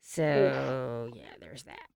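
A woman with a low, smooth voice hosts a casual podcast chat. She reads fan posts aloud and laughs easily. The sound is close and dry, with no room echo. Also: expressive, drawn-out words, a little mellow. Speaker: podcast host.

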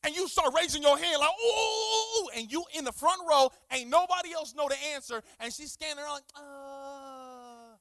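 Very high-voiced animated male preacher. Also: fast, hardly any pauses, no room sound. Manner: animated, acts out dialogues, repeats words for emphasis. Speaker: guest preacher. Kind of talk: lively sermon.

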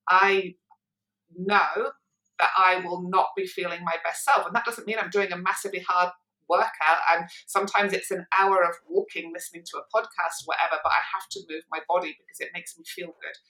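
A forthright woman speaks as a guest on a podcast, earnest and plain-spoken about her coaching work. Her tone is bright and carrying. The room around her sounds echoey. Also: on the low side, fairly even intonation, fairly quick. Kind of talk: casual podcast conversation. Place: lives in Perth, Australia.

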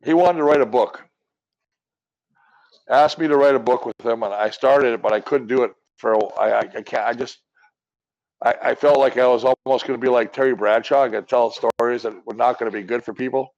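A man, a former offensive lineman co-hosting a casual sports chat, telling rambling, animated stories. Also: mid-range voice, a little fast, lo-fi sound. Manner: rambling storyteller, animated tangents.

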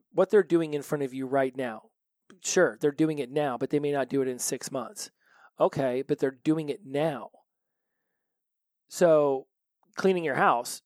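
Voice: mid-range voice, a little mellow, no echo. Emphatic podcaster with a dry, close sound. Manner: emphatic, rhetorical, casually profane. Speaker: podcast host. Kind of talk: solo recovery podcast monologue.

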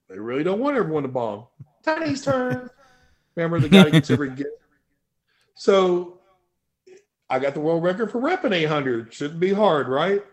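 A guest on a casual podcast, a man who powerlifts, recounts a story while swearing without restraint. Quoting his own words, he gets suddenly louder and higher-pitched.

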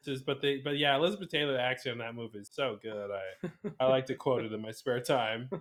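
A male podcast co-host chats casually, cracking puns and quickly making fun of himself. His voice is mid-range and a bit bright.

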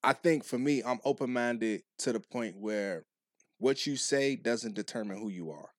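A man's voice: mid-range voice, moderate pace, dry recording, studio quality. A man co-hosting a podcast, talking in a laid-back, profane way as he philosophizes about relationships. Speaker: podcast co-host. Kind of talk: casual chat.

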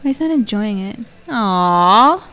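A woman's voice: mid-range voice, expressive, takes it slowly, fairly bright tone, clear, resonant tone, soft background music. A woman hosting a casual movie watch-along chat, joking and telling stories. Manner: chatty, joking, storytelling. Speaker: podcast host.

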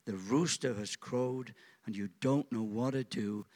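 This church sermon comes from a pastor whose voice is a little mellow and measured in pace. Dramatic in manner, he acts out quotes with big pitch swings and drops in jokey asides.

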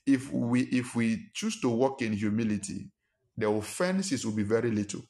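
A Nigerian man preaches a sermon as pastor in a medium-pitched, darkish voice at normal speed. He is emphatic, fires off rhetorical questions, and acts out quarrels in a raised voice.

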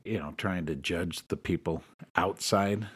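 A man, a pastor, talking through a Bible passage in a relaxed, fatherly way with some hesitations. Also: sits low, a little slow, slightly rough. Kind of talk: casual Bible discussion.

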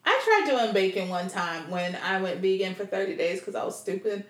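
A woman co-hosting a casual podcast, blunt and joking and quick to laugh. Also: medium pitch, expressive, fairly bright tone. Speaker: podcast co-host. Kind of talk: casual chat. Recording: roomy echo.

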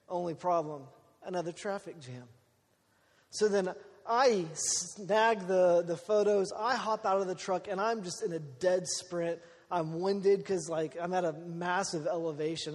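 Guy with a high voice telling a sermon story, lively, big echoey hall. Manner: animated storyteller, acts out quotes. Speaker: preacher. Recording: long hall reverb.

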